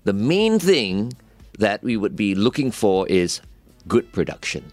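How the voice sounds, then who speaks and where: A man's voice: fairly low pitch, big pitch swings, measured pace, darkish tone, dry recording, soft background music. A man hosting a radio show, bantering playfully and often repeating his words. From Singapore. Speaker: radio host.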